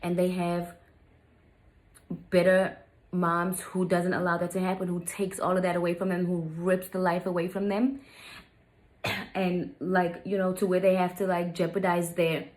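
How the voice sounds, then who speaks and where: A woman's voice: fairly low pitch, little pitch movement, normal speed, darkish tone. A young adult woman telling a personal story to her viewers, candid and venting, often calling them "you guys". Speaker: vlogger.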